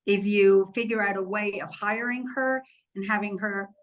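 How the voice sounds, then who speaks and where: A woman's voice: mid-range voice, fairly even intonation, moderate pace, poor audio. A woman co-hosting a podcast, telling a candid and emotional personal story in casual chat. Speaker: podcast co-host.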